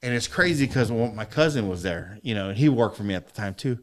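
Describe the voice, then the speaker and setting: A man guesting on a podcast, telling stories in casual chat, animated, swearing a lot and repeating himself. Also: on the low side, fast talker.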